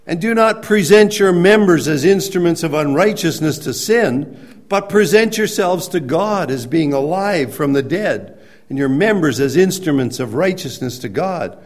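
A man preaching a sermon, explaining scripture in a conversational way and rising to emphatic, near-shouted points. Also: fairly high pitch, expressive, moderate pace. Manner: conversational with restarts and everyday examples. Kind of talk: sermon teaching.

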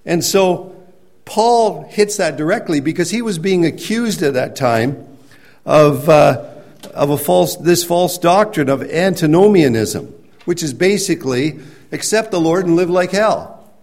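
A man preaching a sermon, explaining scripture in a conversational way and rising to emphatic, near-shouted points. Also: on the high side, animated, a little slow. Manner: conversational with restarts and everyday examples. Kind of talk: sermon teaching.

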